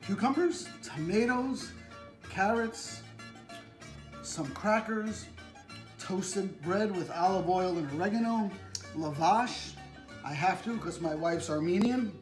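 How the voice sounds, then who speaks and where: A man cooking and demonstrating a recipe as a chef, chatting upbeat and straight to his viewers. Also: high-pitched. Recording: echoey room with music behind.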